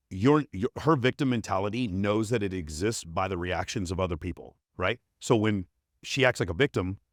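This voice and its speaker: A man's voice: on the low side, no echo, studio quality. A man talking as a guest on a podcast, telling blunt, profane stories and giving emphatic advice. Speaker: performance coach, podcast guest. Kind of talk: casual interview chat.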